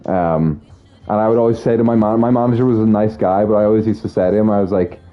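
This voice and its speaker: A man's voice: fairly low pitch, fast. A young man chatting casually to his stream audience, swearing a lot as he tells rambling stories. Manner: profane, rambling, animated storytelling. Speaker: streamer talking to chat. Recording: slightly dull sound with faint music. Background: faint music.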